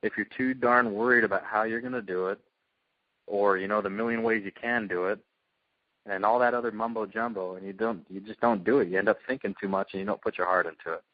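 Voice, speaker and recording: A man telling his success story as a guest speaker, energetic and earnest, in casual storytelling. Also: on the low side, brisk, dry recording, muffled recording. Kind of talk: motivational call talk.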